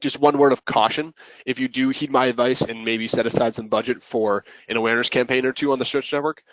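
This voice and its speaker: A man's voice: mid-range voice, steady tone, fast, no echo. A man presenting a marketing webinar, explaining his advice earnestly and repeating words as he restarts. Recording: dull, dry lo-fi audio.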